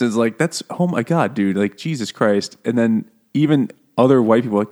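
A man's voice: mid-range voice, expressive, moderate pace, darkish tone. A man co-hosting a book club podcast in casual chat, joking, swearing freely and laughing often.

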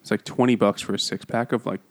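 A man's voice: fairly low pitch, steady tone, quick pace. A man co-hosting a casual podcast, retelling a classic story in a crude, joking way and voicing its characters as he goes. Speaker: podcast co-host. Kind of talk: casual comedic book chat over beers.

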